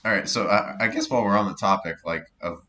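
A man with a very deep voice and a bright, forceful edge, chatting casually as a podcast co-host. He drops dry, teasing asides between questions. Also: quick pace. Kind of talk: casual chat.

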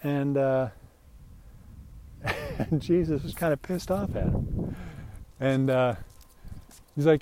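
A man's voice: mid-range voice, a little slow, long pauses. A man talking casually about a gospel passage, rambling and irreverent, with laughing asides, recorded outdoors with faint background noise. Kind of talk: casual bible talk.

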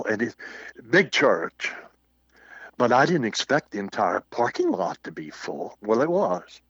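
A man's voice: mid-range voice, slightly rough, no echo. An older man, a Baptist minister, telling a personal story in casual conversation and acting out the quotes. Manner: animated anecdote with acted-out quotes. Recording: muffled, dull audio.

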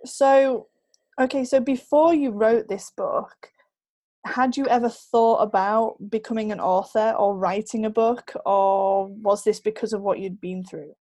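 A woman's voice: mid-range voice, steady tone, measured pace, mellow. Woman hosting a podcast interview. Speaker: podcast host. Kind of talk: conversational interview.

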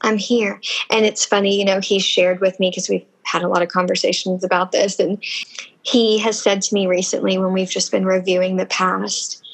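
A woman speaking earnestly and emotionally in an intimate podcast conversation, slow and deliberate. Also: mid-range voice, flat delivery, poor audio.

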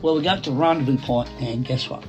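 Over soft background guitar, a middle-aged man recounts something that happened to him at a quick pace and medium pitch. His telling wanders, doubling back and drifting into asides, and he delivers others' words without putting on voices.

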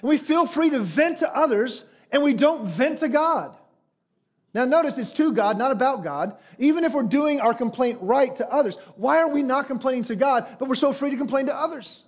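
High-voiced man preaching with emphasis. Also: normal speed. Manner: animated, emphatic preaching with rhetorical questions. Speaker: pastor. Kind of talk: sermon.

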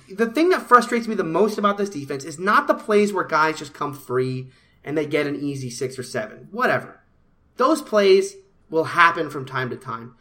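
A man hosts a football talk show in a bright, forward voice. He rants with exasperation, repeating his points for emphasis. It is an opinionated, unscripted rant. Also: high voice. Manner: ranting, repetitive, exasperated. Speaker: sports podcast host.

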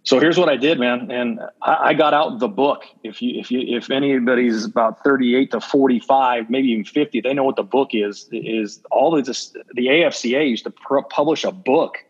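A man's voice: medium pitch, moderate pace, few pauses, slightly rough. A man, a football coach, talking in a casual interview and acting out old conversations as he tells stories. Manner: candid, acts out remembered conversations. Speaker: assistant football coach, podcast guest. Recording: dull lo-fi audio.

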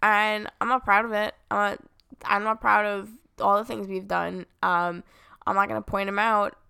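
A woman's voice: medium pitch, flat delivery, moderate pace, gravelly, sharp tone, clean tone, dry recording, clean studio sound. A woman co-hosting a podcast, chatting casually and joking around as she rambles. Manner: joking, rambling, puts on silly voices. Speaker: podcast co-host. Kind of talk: casual chat.

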